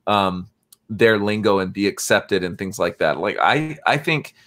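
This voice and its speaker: A man's voice: fairly low pitch, lively intonation, unhurried, fairly bright tone. A man chatting casually on a podcast about a film, hesitant and filler-heavy. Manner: hesitant, lots of fillers and restarts. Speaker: podcast co-host.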